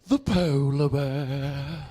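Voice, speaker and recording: A man imitating a solemn old British nature documentary narrator with a British accent, slow and hushed. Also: medium pitch, slight background noise, pitched below the performer's own voice.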